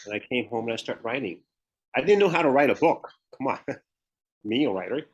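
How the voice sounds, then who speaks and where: A man's voice: mid-range voice, expressive, moderate pace, husky, dull audio. Southern man telling his story. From Memphis, Tennessee, US Southern. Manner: storytelling, candid, laughs often. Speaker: guest, retired pro bodybuilder and author. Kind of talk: podcast interview.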